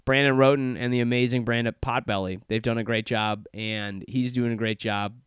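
A man's voice: medium pitch, fairly even intonation, moderate pace, clean tone, dry recording. Young male podcast host: chatty, self-mocking, sardonic; clean resonant voice, recorded close and dry. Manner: rambling, self-deprecating and sardonic. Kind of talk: casual podcast intro monologue. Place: office in Chicago.

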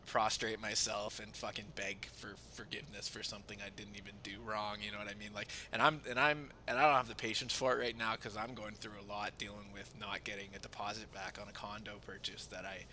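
A man telling a story on a podcast in casual chat, animated, with many restarts and a lot of swearing. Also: on the low side, a little hiss or hum. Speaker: podcast co-host.

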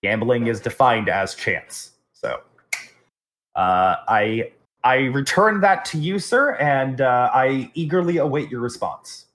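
A man with a Southeast Texas twang co-hosts a podcast in loose, casual chat. He jokes around in a mock-formal way, mixing elaborate politeness with banter. His voice sits at an ordinary mid pitch. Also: lively intonation, slow pace, fairly bright tone. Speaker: podcast co-host.

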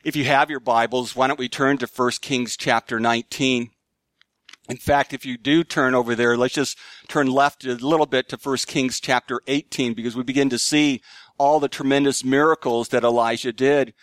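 A man preaching a sermon in an earnest style, rising to emphatic highs and dropping to hushed lows. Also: steady tone, moderate pace, no echo. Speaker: pastor.

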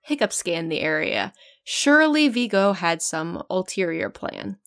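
A woman's voice: on the low side, wildly swooping pitch, measured pace, a bit bright. A woman reading a fan story aloud in a casual way, often stopping to laugh and joke about the text. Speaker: fan fiction reader.

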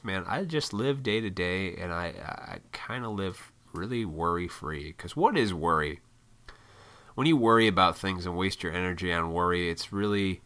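A man hosting his own podcast, rambling easily from one thought to the next and swearing freely. His voice sits fairly low but has a bright, forceful edge. The delivery is relaxed and conversational, like an unscripted solo chat. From Illinois. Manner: laid-back, rambling, heavy swearing. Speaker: podcast host. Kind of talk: casual solo podcast monologue.

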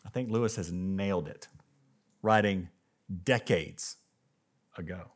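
A man's voice: sits low, takes it slowly, pauses often. A man preaching a sermon to his church in a conversational, earnest way, often restarting phrases and lifting his voice when he reads a quotation aloud. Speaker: pastor. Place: church service with live congregation.

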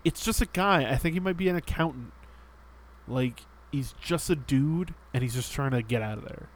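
A man's voice: medium pitch, lively intonation, normal speed, slight background noise. A man co-hosting a casual podcast, explaining a game in a rambling way with many fillers. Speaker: podcast co-host. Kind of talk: casual chat.

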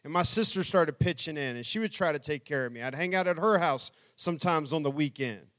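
Earnest storytelling man, slightly high voice. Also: brisk, a bit bright. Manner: earnest, storytelling, quotes people in dialogue. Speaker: speaker. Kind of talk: personal testimony talk.

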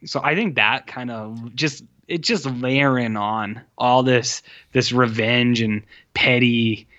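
A man's voice: mid-range voice, takes it slowly, highs cut off. A man casually reviewing an old film with a co-host, swearing freely and acting out the characters' lines. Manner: animated, profane, acts out characters' lines. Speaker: podcast co-host.

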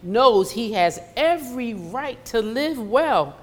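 A woman's voice: fairly high pitch, lively intonation, slow pace. A woman preaching a conversational sermon in a church, slipping into acted asides. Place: church sanctuary. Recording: long hall reverb.

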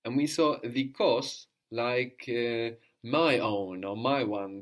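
In a one-on-one language lesson, a medium-pitched male teacher patiently prompts his student and slowly repeats the answers.

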